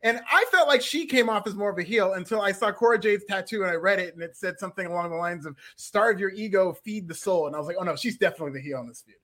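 A man co-hosting a podcast, talking excitedly and joking about wrestling in casual chat. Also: sits high, fast, few pauses. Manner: excitable, jokey, laughs often. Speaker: podcast co-host.

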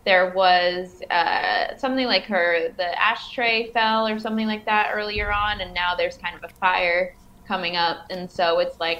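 A woman talks through a film with her co-host in relaxed podcast chat. Her voice sits a little low yet sounds bright and sharp. A faint hiss of noise runs underneath. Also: a little slow, poor audio. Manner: chatty, backchannels often. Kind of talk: casual film discussion.

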